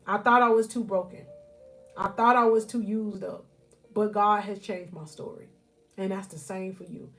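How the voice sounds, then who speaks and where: A woman's voice: medium pitch, steady tone, normal speed, faint music behind. A woman life coach giving fervent motivational preaching on a live stream from home. She repeats her phrases and keeps calling out to her listeners as y'all. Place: at home, near her bed.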